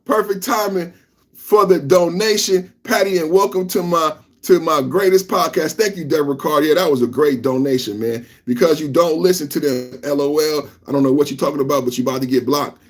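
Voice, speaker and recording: A man hosting a live reaction podcast, ranting loudly, repeating himself and talking straight to his chat. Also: a little high, steady tone, brisk. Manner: loud, repetitive, talks straight to chat. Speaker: podcast host.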